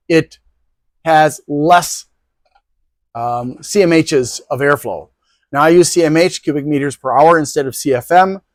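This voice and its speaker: A man's voice: on the high side, no room sound. A man hosting a tech video, walking through test results in a loose, rambling way with many ums and restarts. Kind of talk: casual product review.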